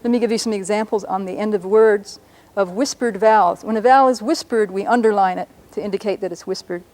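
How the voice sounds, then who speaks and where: A woman's voice: medium pitch, darkish tone. Patient woman teaching a language lesson. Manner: patient, explanatory, slows down to sound out words.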